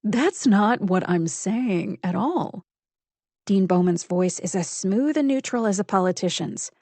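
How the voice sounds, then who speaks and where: A woman's voice: medium pitch, measured pace, warm tone, dry recording. A woman narrating a first-person psychological thriller audiobook with intense, building fury.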